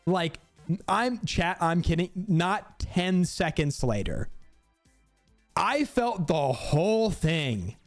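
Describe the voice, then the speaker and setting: A young man streaming, casually telling a story while gaming, animated and cursing freely with frequent laughter. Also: fairly high pitch, takes it slowly, no room sound, soft background music.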